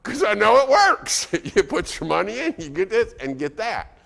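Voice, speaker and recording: A man's voice: high-pitched, sing-song, moderate pace, creaky, a bit bright. A man preaching a sermon as guest speaker, conversational and asking the congregation questions. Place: church auditorium. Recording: reverberant church hall.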